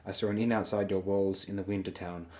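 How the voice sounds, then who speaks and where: A man's voice: sits low, flat delivery, fast, a little mellow, close to an everyday voice. A man voicing a wry, sardonic dwarf lord in a dry, courtly manner.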